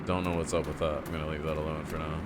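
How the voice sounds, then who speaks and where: A man with a low, deep voice chats loosely with his viewers as he plays through a game, his nose a little stuffed up. He rambles, then bursts out loudly when something happens on screen. Game sounds sit clearly in the background. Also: rapid-fire, very noisy. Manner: chatty, talks to chat, loud excited outbursts. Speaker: game streamer. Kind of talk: casual let's-play commentary.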